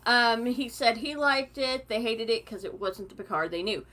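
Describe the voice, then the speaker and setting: A woman's voice: on the high side, lively intonation, moderate pace, bright, forceful tone. A young woman hosting a live stream, chatty and giggly with a cackling laugh. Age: young adult. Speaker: host.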